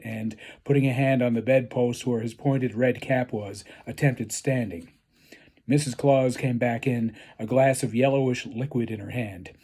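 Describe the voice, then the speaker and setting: Husky-voiced man reading a story deadpan. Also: mid-range voice. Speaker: author reading his own story. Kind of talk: read-aloud storytelling.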